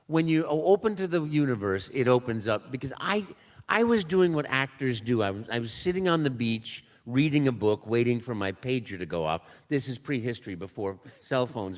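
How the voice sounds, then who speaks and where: A man's voice: mid-range voice, moderate pace. An older man, a voice actor guest, telling a story at a live convention panel, acting out the dialogue and sound effects as he goes. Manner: animated, acts out dialogue and sounds.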